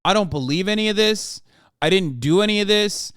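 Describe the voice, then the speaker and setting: Profane ranting American man, high voice. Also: fairly quick, fairly bright tone, smooth, no room sound, studio quality. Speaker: political commentary streamer. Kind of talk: livestream commentary.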